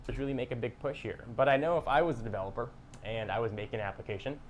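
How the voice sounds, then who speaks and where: A man gives a measured, scripted tech review. His delivery is plain and explanatory. There is faint hiss from an older archived recording. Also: medium pitch.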